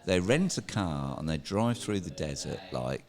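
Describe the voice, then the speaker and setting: Male guest from England, low register, animated rambling storyteller, swears freely. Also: normal speed. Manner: rambling, swearing, laughs while telling stories. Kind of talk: casual bar chat, storytelling.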